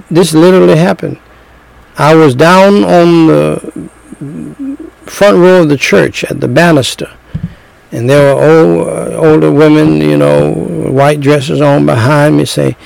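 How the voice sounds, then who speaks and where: A middle-aged man preaching a sermon, slow and emphatic, repeating phrases and telling stories. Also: on the high side, creaky, a little mellow, poor audio.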